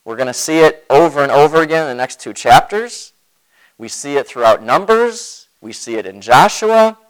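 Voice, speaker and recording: A man preaching a sermon as pastor, expressive, swinging between loud emphasis and quiet asides, with many rhetorical questions. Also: fairly high pitch, moderate pace, smooth, low-quality recording.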